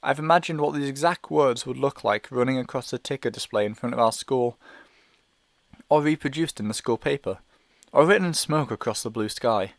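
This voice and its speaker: A man's voice: mid-range voice, fairly quick, creaky, no room sound, clean studio sound. A man reading a novel aloud in first person, with an anxious, hesitant inner monologue. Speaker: audiobook reader.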